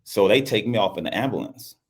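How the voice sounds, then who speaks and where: A man's voice: lowish voice, expressive, brisk. A middle-aged man from Louisiana, a basketball coach, telling a personal story in an interview in an earnest way, repeating his phrases. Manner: earnest, repeats phrases, acts out quoted speech.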